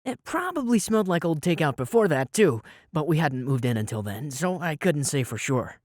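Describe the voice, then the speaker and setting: A man's voice: fairly high pitch, very animated, moderate pace, darkish tone, no echo. A man narrating a first-person audiobook in a wry, sarcastic storytelling manner, on a close studio mic.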